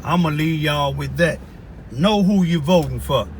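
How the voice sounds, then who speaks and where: A man's voice: fairly high pitch, measured pace, slight background noise. A man giving an impassioned live political rant to his viewers, repeating himself and calling them y'all. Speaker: local political commentator.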